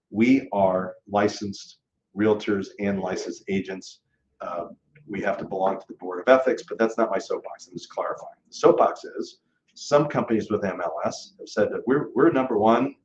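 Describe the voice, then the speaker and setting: A man, a real estate broker, giving an emphatic, animated rant to camera and acting out his clients' thoughts. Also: fairly low pitch, roomy sound, muffled recording, slight background noise. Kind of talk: casual ranting monologue to camera.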